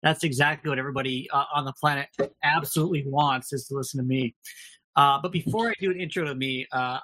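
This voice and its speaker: A man's voice: mid-range voice, fairly even intonation, fast, bright, forceful tone. A man with a Minnesota accent co-hosting a casual podcast, rambling and self-deprecating with lots of fillers. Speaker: podcast co-host.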